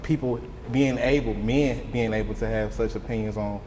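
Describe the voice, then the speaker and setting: A man interviewing a guest, asking questions in a relaxed, conversational way. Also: medium pitch, moderate pace, slight background noise. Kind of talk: casual interview. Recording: long reverb.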